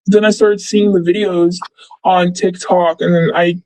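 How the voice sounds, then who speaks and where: A woman's voice: lowish voice, little pitch movement, unhurried, darkish tone, dry recording, low-quality recording. A young woman telling a story casually, rambling and filling with "like" and "blah, blah.". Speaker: former friend recounting events.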